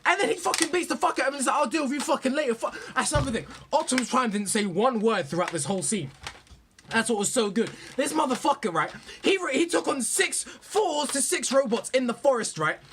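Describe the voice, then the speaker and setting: A young man gushing about movies in a profane, rambling, excited rant. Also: extremely high pitch, fairly quick, a little hiss or hum. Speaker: vlogger.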